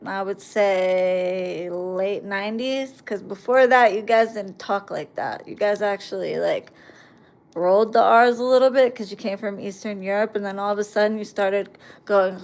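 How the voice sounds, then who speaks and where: A woman hosting a live stream, talking to her viewers in a sarcastic, ranting, mocking monologue. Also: mid-range voice.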